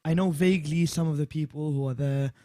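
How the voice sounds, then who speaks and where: A man giving a short introduction and then reciting a mourning poem in a melodic, drawn-out way. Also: a little high, fairly even intonation, mellow. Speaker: poetry reciter.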